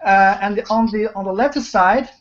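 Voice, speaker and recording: A woman's voice: mid-range voice, normal speed, lo-fi sound. Patient woman teaching. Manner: patient, repeats words and praises students. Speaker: Chinese teacher. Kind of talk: online beginner language lesson.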